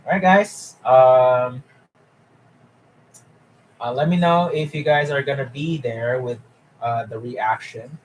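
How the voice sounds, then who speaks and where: A man's voice: mid-range voice, slow pace, pauses often, slight background noise, low-quality recording. Chatty young man streaming live. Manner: chatty, often laughing, reads chat aloud. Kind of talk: casual live-stream chat.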